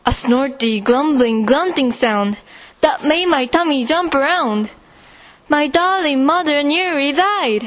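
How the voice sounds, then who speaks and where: Woman storyteller, high voice, slow measured verse reading. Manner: slow and expressive. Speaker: reader. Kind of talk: storytelling a rhyming poem.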